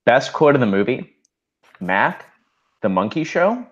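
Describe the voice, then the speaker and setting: A man co-hosting a podcast, his pitch swinging widely as he rants with dry humor. The audio is a little dull and lo-fi. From Midwest of the United States. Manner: wry, animated rants with quick laughs. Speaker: podcast co-host. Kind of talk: casual podcast chat about a film.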